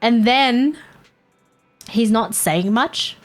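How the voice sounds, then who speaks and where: A woman's voice: a little high, drawn-out words. Woman streamer, casual storytelling at a desk mic, frank and profane, faint music behind. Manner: candid, swears freely, chuckles between points. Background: faint background music.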